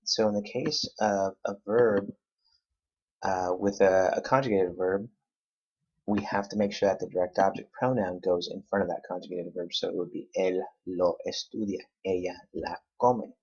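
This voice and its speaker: A man teaching a Spanish grammar lesson, patiently repeating words slowly to show where the stress falls. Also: low-pitched, steady tone, a little mellow, husky. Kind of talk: classroom lesson explanation. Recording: dull lo-fi recording.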